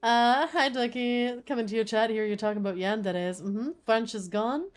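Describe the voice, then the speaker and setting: A woman's voice: on the high side, normal speed. Chatty woman streaming a game. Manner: chatty, rambling, lots of "like". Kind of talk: casual game-stream commentary.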